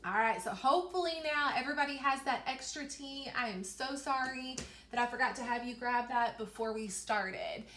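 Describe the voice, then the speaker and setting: A young woman teaching a reading lesson to young children, slowly stretching out letter sounds and praising them often. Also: on the high side, a bit bright, a little hiss or hum. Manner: encouraging, repeats words for children. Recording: echoey room.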